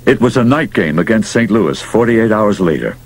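Male audiobook reader, lowish and husky, lively rise and fall. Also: moderate pace, poor audio. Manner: dramatic, expressive reading. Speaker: audiobook narrator. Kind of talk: scripted storybook narration.

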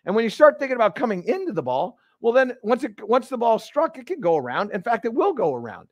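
A man hosting a live golf lesson, explaining each move step by step with energetic restarts in an indoor golf studio. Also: very high-pitched, fast, no room sound. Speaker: golf instructor and show host. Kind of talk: live instructional demonstration.

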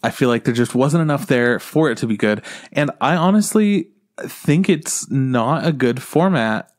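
A man's voice: medium pitch, expressive, a little slow. A man co-hosting a podcast, chatting casually in a blunt, sardonic way and swearing now and then. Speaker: podcast co-host. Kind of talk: casual chat.

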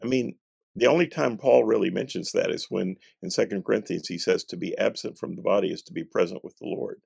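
A man from North Carolina, a Bible scholar answering interview questions in a measured, emphatic, preacherly way. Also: low voice, gravelly, darkish tone, breathy edge, no room sound. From North Carolina, USA.

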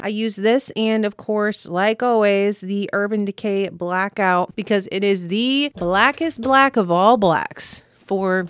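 A woman's voice: a little high, no room sound, studio quality. A young woman, chatting playfully through a makeup tutorial and talking straight to her viewers. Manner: chatty, playful, talks to camera. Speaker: makeup artist vlogger. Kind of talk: casual tutorial chat.

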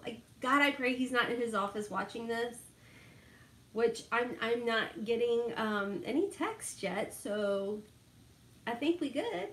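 A woman's voice: fairly high pitch, animated, unhurried, a bit bright, echoey room. A middle-aged woman, chatting casually and laughing a lot with live viewers while doing her makeup. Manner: chatty, laughs often, reads out viewer names.

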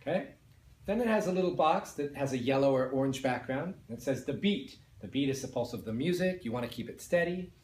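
A man's voice: mid-range voice, expressive, brisk, darkish tone, echoey room, slight background noise. A man teaching beginner band students, explaining each step patiently and counting and singing the notes along. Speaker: music teacher. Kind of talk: patient beginner instrument lesson.

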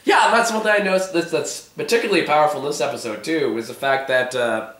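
A man's voice: a little high, fast, a bit bright, reverberant. A man whose voice is giving out, hosting a casual discussion of a TV episode with lots of fillers and swearing. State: hoarse, voice giving out. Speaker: vlog host.

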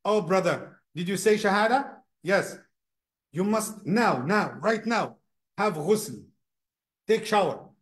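A man's voice: high-pitched, expressive, slow pace, fairly bright tone, full character voice. A man acting out a pushy overzealous mosque brother. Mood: insistent. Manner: pushy, insistent, rattles off orders. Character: overzealous male mosque brother lecturing converts.

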